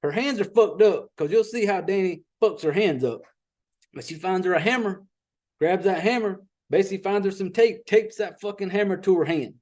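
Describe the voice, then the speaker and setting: A man with a fairly high voice retells a horror movie in loose, rambling fashion. He swears freely and drops folksy asides as he goes, in a casual podcast chat. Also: a little mellow. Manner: rambling, profane, folksy storytelling with quick asides. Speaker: podcast host reviewing a horror film. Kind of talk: casual profane movie recap.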